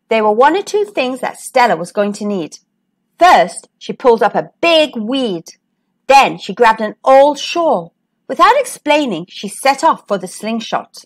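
A woman hosting a storytime channel, reading a children's picture book aloud with lively expression. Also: fairly high pitch, unhurried. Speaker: storytime host.

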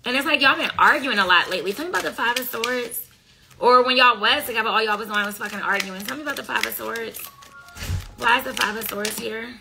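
A woman's voice: fairly high pitch, fast talker, background noise. A woman doing a casual tarot reading, talking bluntly in profane slang and scolding her listeners. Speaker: tarot reader.

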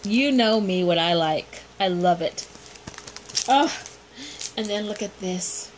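A woman's voice: medium pitch, slow pace, rough recording. A middle-aged woman unboxing gifts from a swap, gushing and gasping over every item as she talks. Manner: gushing, gasping, repeats exclamations. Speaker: vlogger unboxing a gift swap. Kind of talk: excited unboxing chat. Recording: noticeable background noise.

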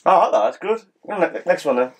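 Animated man, lively voice. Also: fairly high pitch, fast, slightly rough. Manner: animated, laughing, mock-outraged. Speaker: co-host. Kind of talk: casual chat, guessing game.

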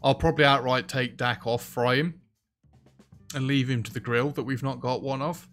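A man's voice: mid-range voice, fairly even intonation, normal speed. Chatty man narrating a game. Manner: chatty, reacts loudly to in-game events. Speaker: let's play host. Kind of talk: casual gameplay commentary. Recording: faint background music.

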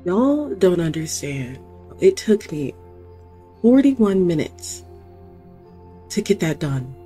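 Gaming streamer, woman, lively swings of pitch, exasperated play-by-play. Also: takes it slowly, soft background music. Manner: reactive, exasperated, repeats herself in panic. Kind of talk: casual gameplay commentary.

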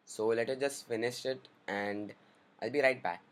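A man's voice: mid-range voice, steady tone, normal speed. A man hosting a tech tutorial, giving casual, upbeat step-by-step instructions. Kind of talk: screen-recorded software tutorial.

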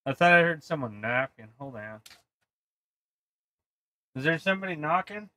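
Buzzed guy streaming an old game, swears nonstop, sharp bright voice. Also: fairly high pitch, lively intonation, normal speed, no room sound, poor audio. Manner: profane, rambling, yells at the game. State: tipsy from drinking. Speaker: streamer playing a retro video game. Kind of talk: casual live-stream commentary.

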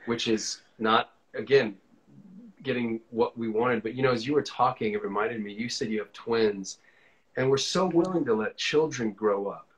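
A man's voice: mid-range voice, normal speed, rough recording. A man hosting a casual live stream, encouraging his guest and musing reflectively. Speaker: host.

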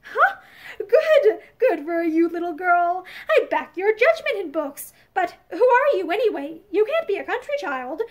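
A woman reading aloud as a friendly young countryman who talks loudly and laughs often. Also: very high-pitched, very animated, moderate pace, few pauses. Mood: laughing. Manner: boisterous, laughing, loud.

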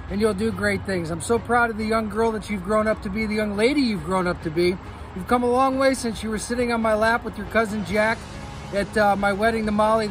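Older man with a high voice outdoors. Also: poor audio. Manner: jokey, upbeat storytelling. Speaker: grandfather. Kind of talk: recorded video message. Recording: outdoor street traffic noise.

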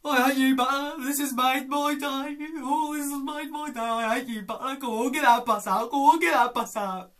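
A man doing an impression of a sneering older bus inspector from a 1970s sitcom, gloating loudly. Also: very high voice, steady tone, moderate pace, few pauses, recorded from a distance, voice pushed up.

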